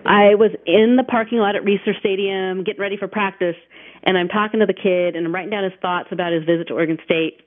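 A woman's voice: mid-range voice, steady tone, fast talker. A woman co-hosting a casual sports podcast, telling recruiting stories in a chatty way and laughing easily. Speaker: podcast co-host, recruiting reporter. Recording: phone-line audio.

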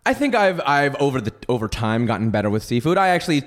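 A man's voice: medium pitch, big pitch swings, fast. A man co-hosting a casual podcast, wisecracking and teasing his friend. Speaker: podcast co-host. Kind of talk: casual banter.

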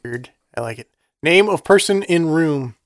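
A man co-hosting a casual podcast, joking around and quick to laugh during a drinking game. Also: on the high side, lively intonation. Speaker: podcast co-host.

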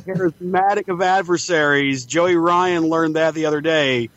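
A man's voice: a little high, normal speed, fairly bright tone, slight background noise. Cocky man on a dull lo-fi line. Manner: cocky, boastful. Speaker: podcast guest. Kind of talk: casual podcast interview. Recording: dull lo-fi sound.

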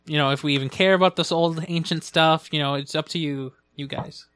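Higher-voiced joking podcast co-host. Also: male voice, fairly even intonation, fairly bright tone, clean tone, no echo. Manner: quick, joking, laughs often. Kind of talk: casual chat.

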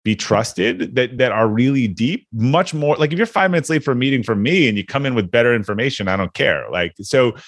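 A man's voice: mid-range voice, expressive, a little fast, hardly any pauses, dry recording, studio quality. A man hosting a podcast, casually explaining workplace ideas with examples. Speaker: podcast host. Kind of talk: casual chat.

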